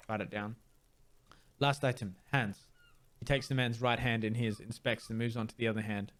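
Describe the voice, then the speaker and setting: A man's voice: mid-range voice, steady tone, a bit bright. A man playing through a video game, reading its dialogue aloud and doing amateur voices for the characters. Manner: amateur voice acting, measured reading. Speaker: let's player.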